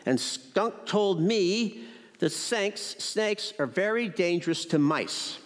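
Scared little storybook mouse, higher and softer, put on by a man, echoey. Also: expressive, slow pace. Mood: nervous. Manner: fearful, pleading. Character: small timid male mouse, nervous. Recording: echoey church hall.

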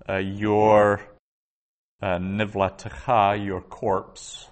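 Slow, low-voiced man teaching a lesson. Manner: patient, methodical explaining with frequent restarts. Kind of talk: biblical Hebrew lesson.

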